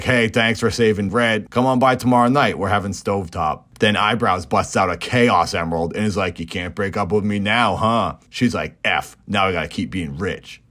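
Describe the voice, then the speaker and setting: Deadpan man recapping a movie. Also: low voice. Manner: deadpan, doing quick silly character voices. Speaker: comedic narrator.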